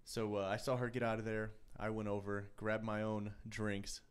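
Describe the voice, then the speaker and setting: A man's voice: fairly low pitch, flat delivery, normal speed, clean tone. A man co-hosting a podcast, rambling through a story in casual banter with lots of restarts. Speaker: podcast co-host.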